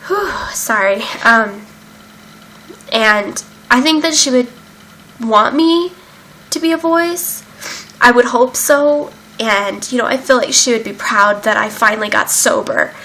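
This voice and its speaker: A woman's voice: on the high side, a little slow, sharp tone, a little hiss or hum, poor audio. A young woman candidly telling her own story in a casual vlog, emotional and open, with many fillers and some swearing. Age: young adult. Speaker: vlogger sharing her recovery story. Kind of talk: casual personal account.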